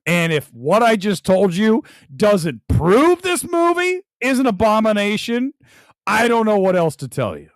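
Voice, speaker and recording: A high-voiced man hosting a movie talk show rants animatedly during a livestream review chat, reading out viewers' super chats. There's no room sound.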